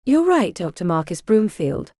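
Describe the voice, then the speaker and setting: A woman's voice: medium pitch, very animated, moderate pace, warm tone, dry recording, studio quality. A woman voicing a defiant young bog witch healer who talks bluntly with folksy turns of phrase.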